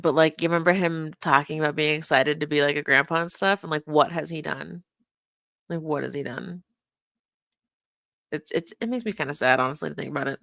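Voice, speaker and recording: A woman's voice: sits low, fairly even intonation, a little fast, vocal fry, fairly bright tone, dry recording, clean studio sound. A woman streamer giving sarcastic, pointed reaction commentary on a livestream.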